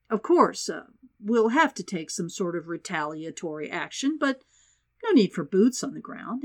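A woman reading the lines of a scheming male presidential adviser, reassuring and matter-of-fact. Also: mid-range voice.

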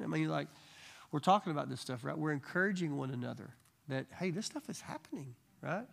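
A man teaching a Bible study to a live group, telling stories in a casual, animated way and acting out the people he quotes. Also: a little high, a little fast, gravelly. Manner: animated storyteller, acts out quoted voices. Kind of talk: casual church teaching with storytelling.

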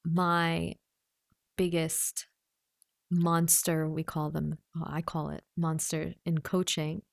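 A woman's voice: low-pitched, monotone, takes it slowly, creaky, no echo, clean studio sound. A woman, a personal coach, talking casually to the camera, reading questions aloud and thinking through her answers with frequent laughs and asides.

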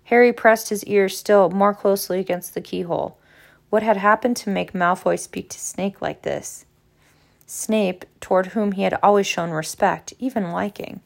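A woman reading a novel aloud in a steady narrating voice with small slips. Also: lowish voice, normal speed, gravelly. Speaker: audiobook reader. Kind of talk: book narration.

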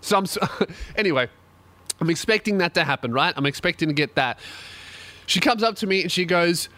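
A man's voice: high-pitched, lively intonation, a little fast, sharp tone, no echo. A young man telling a profane comic story, laughing often. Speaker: comedian host.

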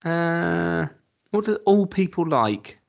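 A man's voice: fairly high pitch, animated, slow, creaky. A man on a casual comedy podcast, speaking in a stubborn, laid-back way. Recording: dull lo-fi sound.

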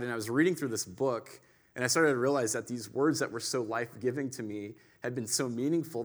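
A male pastor delivering a sermon in a conversational, storytelling way, with emphatic swells and quiet drops. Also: medium pitch.

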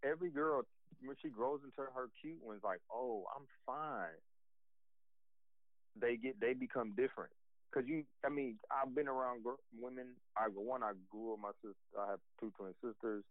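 A man's voice: medium pitch, fairly quick, dry recording. A man in loose, easygoing conversation, his voice thin and phone-like. The sound is dry, with no room around it. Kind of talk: casual chat.

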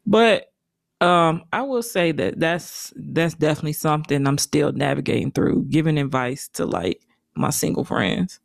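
A woman's voice: low voice, moderate pace, gravelly, no echo, studio quality. Playful laughing woman podcast co-host. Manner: playful, laughs often, slangy. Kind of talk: casual chat.

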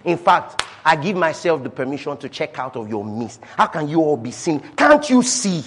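A man preaching a sermon, reading scripture slowly, repeating key phrases and jumping from quiet asides to shouted declarations. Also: a little high, expressive, slight background noise.

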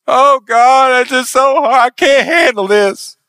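A man's voice: very high-pitched, unhurried, pushed and bright, clear, resonant tone, no echo, voice pushed up, full character voice. A male preacher voicing a grown man who whines and plays the victim, in a drawling complaint. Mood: whining. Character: whiny self-pitying grown man playing the victim.

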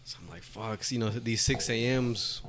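A man's voice: medium pitch, normal speed, background noise. A man in casual podcast conversation who talks candidly and swears freely. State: new father. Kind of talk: casual chat.

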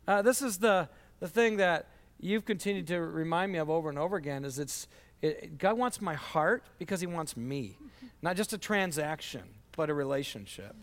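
A man preaching as a pastor, measured as he reads scripture aloud and explains it plainly. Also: fairly high pitch, animated. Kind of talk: sermon. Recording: long church hall reverb.

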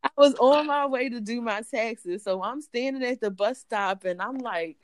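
A woman guest telling a personal story in an animated way, acting out the voices of others. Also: a little high, moderate pace, a little hiss or hum. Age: adult. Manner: animated, acts out voices in quotes. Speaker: interview guest.

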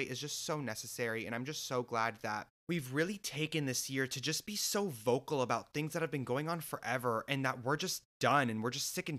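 A man's voice: mid-range voice, sharp tone. A young man casually telling a story to camera, sassy and profane, mimicking other people's voices as he goes.

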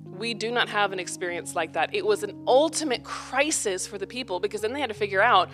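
A woman's voice: mid-range voice, fairly quick, music in the background. A woman, preaching a sermon in a conversational, emphatic way, repeating phrases for effect. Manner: conversational, with parenting asides. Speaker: pastor.

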